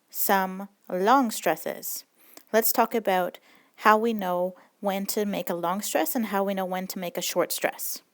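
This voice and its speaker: A woman teaching a recorded language lesson, explaining rules patiently and step by step. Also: medium pitch.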